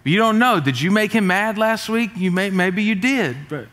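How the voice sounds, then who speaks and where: A middle-aged pastor preaches a lively, joking sermon to his congregation. His voice sits high for a man and often swells into shouts. It rings with the long reverb of a large church hall. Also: normal speed. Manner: energetic, joking, rising to shouts. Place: church auditorium.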